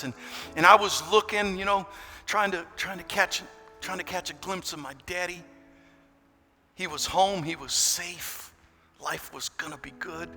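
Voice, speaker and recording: Pastor in his sixties, bright and echoing. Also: a little high. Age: 60s. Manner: dramatic swings from hushed to loud. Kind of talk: sermon. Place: church. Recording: reverberant church hall with music.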